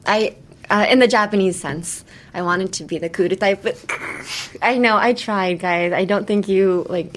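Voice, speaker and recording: A young woman hosting a casual English pronunciation lesson, chatty and laughing often, full of fillers. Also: mid-range voice. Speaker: English teacher and podcast host.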